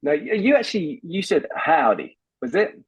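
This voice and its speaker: A man's voice: a little high, very animated, normal speed, husky, highs cut off. A man working as a voice coach, patiently talking a guest through voice exercises over a video call. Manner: patient, instructive, repeats words when starting.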